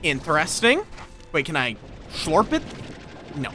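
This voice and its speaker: A young man streaming a video game, chatting casually with his viewers, swearing now and then and reacting out loud. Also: fairly high pitch, unhurried. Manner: animated, chatty, swears, talks to chat. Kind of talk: casual gameplay commentary. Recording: faint game music behind.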